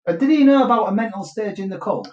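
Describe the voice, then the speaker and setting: A man co-hosting a podcast, chipping in with quick questions and comments in casual chat. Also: high voice, expressive, muffled recording, a crowd in the background. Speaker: podcast co-host. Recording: roomy and distant from the mic.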